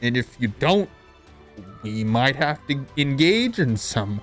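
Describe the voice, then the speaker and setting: A man's voice: mid-range voice, big pitch swings, slow, faint music behind. A man voicing a band of Viking mercenaries in a comedy recap, making threats in a casual, mock-polite way.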